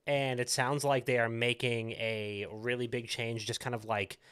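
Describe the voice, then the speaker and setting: An American man hosts a gaming podcast, chatting casually about esports with plenty of filler words and the odd swear. His mid-range voice is clean in tone and fairly bright.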